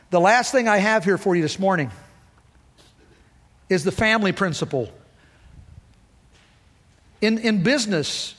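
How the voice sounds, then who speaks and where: Middle-aged guy preaching, high voice, big echoey hall, pumps the crowd up. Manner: emphatic, rousing call-and-response. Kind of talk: sermon. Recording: long hall reverb.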